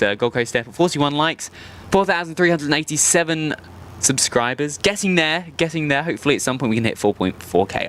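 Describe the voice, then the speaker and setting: A man's voice: mid-range voice, fairly bright tone, slight background noise. An Australian man hosting a live stream outdoors, chatting casually, rambling and joking at his own expense. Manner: rambling and self-mocking, often laughing. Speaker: host of a live plane-spotting stream. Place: outdoors at an airport.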